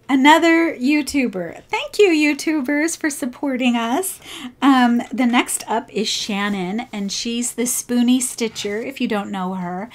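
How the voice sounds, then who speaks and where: A woman hosting a crochet channel, casually showing off viewers' craft projects and gushing over each one. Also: on the high side. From United States. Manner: gushing, enthusiastic praise.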